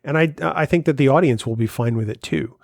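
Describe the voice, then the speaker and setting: A man co-hosting a casual podcast chat, upbeat and running quick promo plugs. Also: mid-range voice, gravelly, dry recording, studio quality. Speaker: podcast co-host.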